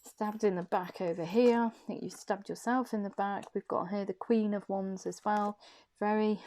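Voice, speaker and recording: A woman's voice: medium pitch, fairly even intonation, normal speed, dark tone. A woman from Warwickshire with an English accent, giving a casual tarot reading from her room in a chatty, rambling way with frequent laughs. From Warwickshire, England. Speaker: tarot reader.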